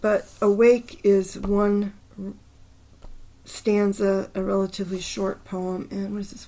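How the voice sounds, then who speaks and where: Slow, thoughtful woman chatting about poems. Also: medium pitch, little pitch movement, dark tone. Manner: thinking aloud, murmuring syllable counts under her breath; slow and unhurried, with fillers. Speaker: poetry channel host. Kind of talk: casual talk about poems, reading aloud.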